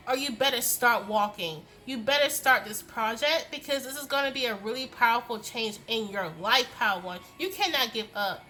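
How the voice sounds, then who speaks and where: Bright-voiced woman giving a tarot reading. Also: fairly high pitch, moderate pace, few pauses. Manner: emphatic, swearing, tough-love pep talk; many "okay?" tag questions. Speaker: tarot reader. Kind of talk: casual tarot reading to camera.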